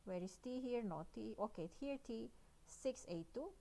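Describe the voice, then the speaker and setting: A woman's voice: fairly high pitch, lively intonation, moderate pace, gravelly, dark tone. A woman with an Indonesian accent giving a recorded math lecture, working through each step and often checking in with "yeah" and "right?".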